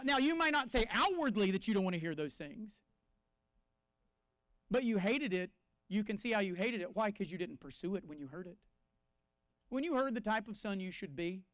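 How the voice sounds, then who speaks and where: A pastor delivers his sermon with a strikingly high voice. He preaches in an animated way, slipping into quoted voices to drive points home. The sound is dry and close. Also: moderate pace, pauses often, dry recording. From United States.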